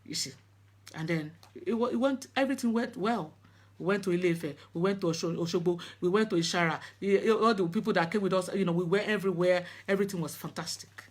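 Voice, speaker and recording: She speaks at a fairly low pitch: an earnest middle-aged woman, first language Yoruba, who works as a spiritual practitioner. Giving a personal storytelling talk, she's halting and frequently begins again.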